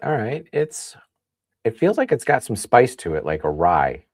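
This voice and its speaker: A man from the Midwest hosting a casual livestream, chatting and thinking out loud as he reads comments. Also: mid-range voice, sing-song, a little slow, no echo, studio quality. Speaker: livestream host. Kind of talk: casual tasting livestream chat.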